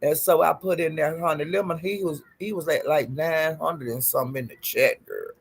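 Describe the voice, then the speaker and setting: A man telling gossip in a casual vlog, with a sassy and profane manner, calling his listeners honey and child and jumping up in pitch for emphasis. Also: normal speed, vocal fry, slight background noise. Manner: animated, jumps up in pitch for emphasis. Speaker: gossip vlogger.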